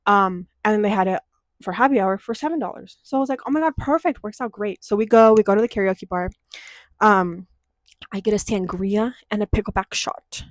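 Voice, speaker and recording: A young woman from Denver vlogging a casual storytime, animated and profane, acting out quoted voices. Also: mid-range voice, fairly quick, no room sound. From Denver, USA.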